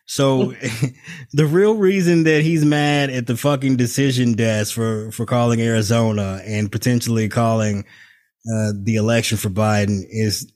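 A man co-hosting a podcast over a video call, talking in a casual, profane, sarcastic way and laughing often. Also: mid-range voice. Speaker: podcast co-host. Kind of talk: casual political chat.

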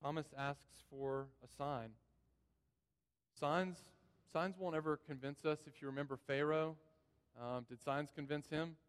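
A man's voice: fairly high pitch, fairly even intonation, measured pace, smooth. A man preaching a sermon in a church, earnest and repeating key phrases for emphasis. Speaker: pastor. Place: church sanctuary. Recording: long reverb of a church hall.

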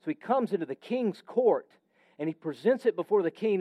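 A man's voice: high voice, animated, brisk, dark tone, no room sound. A man preaching a sermon with emphatic, varied delivery that sometimes drops almost to a whisper. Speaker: pastor.

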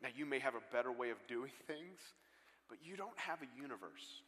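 A man preaching a sermon and telling stories with earnest swings between loud bursts and hushed lines, on a stage mic in a large church. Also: medium pitch, lively intonation, normal speed, a little hiss or hum. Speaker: guest pastor. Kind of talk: sermon storytelling. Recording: long hall reverb.

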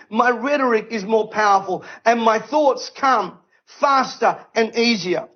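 A high-voiced man delivers a fiery sermon from the platform, driving his points home with repeated rhetorical questions. His delivery is emphatic and unrelenting, and the recording sounds a little dull and lo-fi. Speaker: preacher. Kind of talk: impassioned sermon. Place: event stage.

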